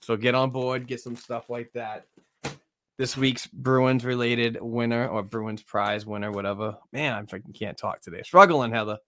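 A man's voice: medium pitch, steady tone, normal speed, a bit bright, a little hiss or hum. A man hosting a sports podcast in casual chat, rambling loosely with many fillers. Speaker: podcast host.

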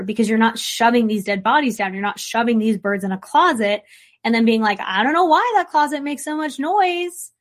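Woman, therapist host, casual podcast talk, blunt and swearing, playful asides, slightly high voice.

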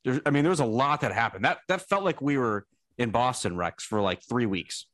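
Thirties male co-host, lively self-mocking storyteller, mid-pitch, dry close sound. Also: brisk, no echo. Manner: animated, self-deprecating storytelling. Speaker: podcast co-host. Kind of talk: casual podcast chat.

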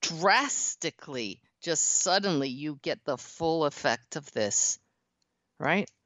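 A woman hosting a talk show, interviewing a guest and responding warmly. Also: sits low, animated, slow, no room sound. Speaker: radio talk show host. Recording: dull, muffled sound, dry.

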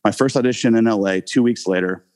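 A man with a fairly low voice telling a long personal anecdote in a casual interview. He rambles, piles on fillers like "you know" and "um", and chuckles as he goes. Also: fast, a little mellow. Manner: rambling, many fillers, laughs often. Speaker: actor, guest telling his story.

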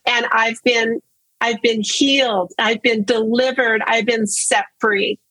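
An earnest woman speaks openly about her own life in a relaxed conversational way, often repeating words to stress them. Her voice sits a little high and has a husky edge. The sound is dry and close, with no room echo. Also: slow. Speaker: guest sharing her story. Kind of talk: casual personal testimony.

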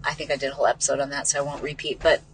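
A woman's voice: a bass voice, level tone, racing, slight background noise. A woman hosting a podcast and telling a personal story in a casual, heartfelt, rambling way, with lots of "like". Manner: heartfelt, rambling, heavy use of "like". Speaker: podcast host.

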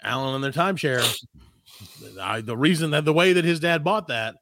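A man's voice: on the high side, animated, brisk, fairly bright tone, dry recording. A man hosting a podcast, rambling and joking, laughing often as he talks with friends. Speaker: podcast host. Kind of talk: casual podcast banter. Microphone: headphones in a home studio.

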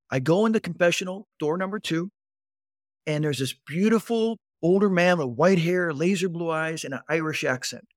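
Man, 50s, interview guest, animated storytelling, slightly raised pitch, dry close sound. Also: moderate pace, no echo. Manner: animated storyteller who acts out quoted voices and keeps addressing the host. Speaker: guest recounting his recovery.

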